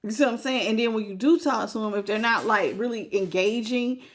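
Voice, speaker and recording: A woman's voice: on the high side, a little fast. Chatty woman doing a live tarot reading. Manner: chatty, greets viewers by name, frank and folksy; calls viewers baby, talks straight to them. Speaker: tarot reader.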